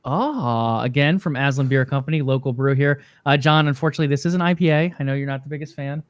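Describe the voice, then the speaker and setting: A man's voice: medium pitch, fast talker, no room sound. A man co-hosting a gaming podcast in an easygoing, chatty way, laughing at his own jokes. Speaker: podcast co-host. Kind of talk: casual gaming podcast chat.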